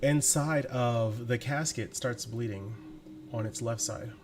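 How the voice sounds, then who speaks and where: A man narrating as game master in a tabletop game, in a slow, deliberate way with frequent laughs. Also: medium pitch.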